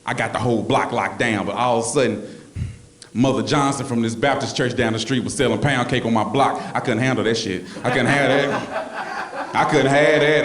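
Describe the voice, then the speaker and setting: A male comedian telling animated stories on stage, yelling out punchlines, with a handheld mic. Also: medium pitch, moderate pace. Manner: loud, animated storytelling with yelling bits. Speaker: stand-up comedian. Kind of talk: stand-up comedy set. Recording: roomy club with loud audience laughter.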